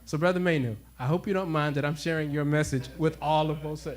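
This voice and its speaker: Animated man telling a story to a congregation. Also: on the high side, a little fast. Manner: animated, laughing, acts out dialogue. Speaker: worship speaker.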